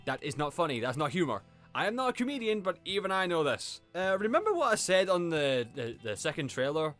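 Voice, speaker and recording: A man's voice: on the high side, brisk. A man giving a casual, sarcastic video review, exasperated and mocking, with faint music behind. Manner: animated, sarcastic, exasperated, mocking quoted voices. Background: faint background music.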